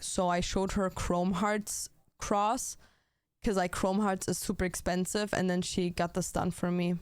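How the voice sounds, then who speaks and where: A woman's voice: fairly low pitch, fairly even intonation, unhurried, smooth, no room sound. A young adult woman streamer chatting casually and bluntly with her viewers, swearing often and talking straight to chat.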